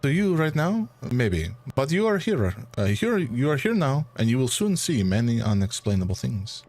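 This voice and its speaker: A man's voice: mid-range voice, big pitch swings, a little mellow, voice pushed up. A man voicing a suave, courteous French male academic who exposes fraud, with a put-on French accent. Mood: measured. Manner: measured, courteous, slightly haughty.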